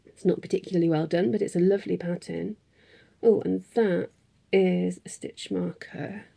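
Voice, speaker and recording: A woman's voice: on the low side, steady tone, moderate pace, gravelly, mellow. A woman in a casual craft vlog, chatting in a rambling way with frequent ums and little laughs. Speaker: craft vlogger. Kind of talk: casual chat.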